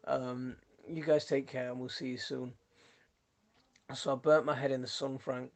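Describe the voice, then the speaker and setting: A man's voice: mid-range voice, flat delivery, normal speed. A man with a Yorkshire accent hosting a casual gardening live stream, rambling and chatty as he answers viewer comments, laughing often on a phone mic. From Yorkshire, England. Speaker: gardening channel host.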